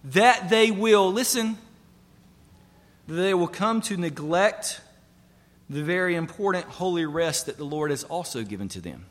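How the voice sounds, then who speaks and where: Male pastor, sermon delivery, emphatic and repetitive, a little high-pitched, long church reverb. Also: moderate pace, a bit bright. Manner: earnest preaching with rising emphasis and repetition.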